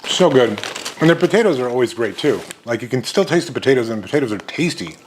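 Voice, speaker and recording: Lively intonation and a quick pace mark this medium-pitched American man in his fifties as he hosts an easygoing chip review vlog. He's cheerful and talkative with plenty of happy exclamations, and a little hiss or hum is audible.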